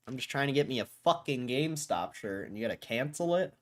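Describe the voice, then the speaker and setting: A man's voice: medium pitch, lively intonation, fast talker, hardly any pauses, no echo. A man livestreaming stock market commentary, thinking aloud in a casual way and swearing freely as he mock-rants. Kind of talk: casual live-stream commentary.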